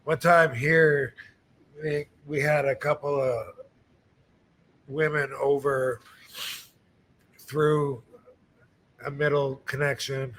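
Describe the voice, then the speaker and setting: A man's voice: on the high side, slow pace, pauses often, a little hiss or hum. A man in his fifties from Michigan, hosting a casual podcast chat and telling loose stories with lots of fillers. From USA, Michigan. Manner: relaxed, rambling storytelling with many fillers. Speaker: podcast host, wrestler.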